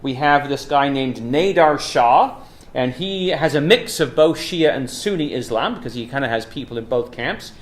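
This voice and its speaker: A man talking through history in a loose, conversational lecture, full of fillers. His pitch moves about a lot and his voice rings in a roomy hall. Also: animated, moderate pace. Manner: casual, chatty, frequent ums and uhs. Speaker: Bible talk speaker.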